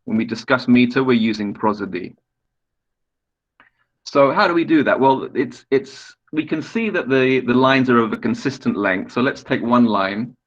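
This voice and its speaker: A man's voice: medium pitch, lively intonation, normal speed, dull audio. A man lecturing on poetry in an online class, explaining patiently, often restarting phrases and asking students questions. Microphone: video call.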